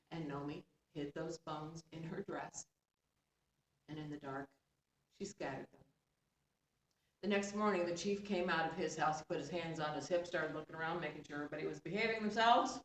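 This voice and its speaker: A woman tells a folktale in an expressive voice that sits a little low, turning now and then to chat with her listeners. She is heard from a distance in a roomy space, with a faint hum of ambience behind her. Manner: expressive, with chatty asides to listeners. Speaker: storyteller. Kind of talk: oral folktale storytelling.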